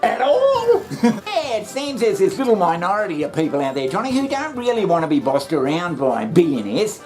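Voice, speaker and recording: A woman's voice: lowish voice, big pitch swings, brisk, a little mellow, faint music behind. Sarcastic swearing woman comedy host. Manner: sarcastic, swearing, laughs often. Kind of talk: satirical comedy monologue.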